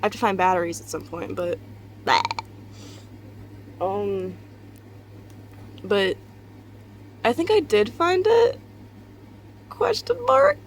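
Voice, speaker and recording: A tired young woman, just out of bed, rambles candidly in a casual confessional vlog from her bedroom, swearing and laughing often. Her mid-range voice swoops wildly in pitch, and she takes it slowly with frequent pauses. A little hiss or hum is audible.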